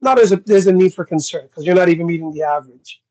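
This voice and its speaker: A man's voice: sits high, fast, low-quality recording. A man with a Canadian accent co-hosting a podcast, talking bluntly and acting out exchanges in casual chat. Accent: Canadian English. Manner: blunt, animated, acts out quoted exchanges. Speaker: podcast co-host.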